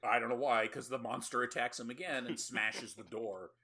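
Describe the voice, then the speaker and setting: A man's voice: mid-range voice, steady tone, moderate pace, pushed and bright. A man co-hosting a horror movie podcast, recapping a film in a casual, sarcastic way with swearing and laughing asides. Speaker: podcast co-host.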